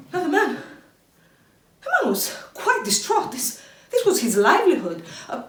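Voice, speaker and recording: A woman telling a children's story in an animated, expressive way. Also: on the high side. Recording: echoey room, distant mic.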